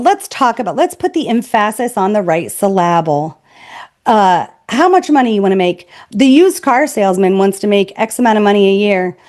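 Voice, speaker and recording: A woman's voice: fairly high pitch, a little mellow. A woman sales trainer speaking as a podcast guest, blunt and emphatic. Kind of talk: podcast interview.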